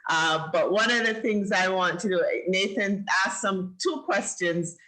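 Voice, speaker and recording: A woman's voice: mid-range voice, unhurried, bright, forceful tone, poor audio. A woman hosting a live-streamed children's show over a video call, chatty and encouraging. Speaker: host of a kids' show.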